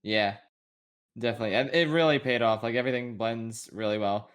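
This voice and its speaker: A young man co-hosting a podcast, chatting casually about movies in an animated, incredulous way with frequent laughs. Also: mid-range voice, fairly quick. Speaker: podcast co-host. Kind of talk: casual movie review chat.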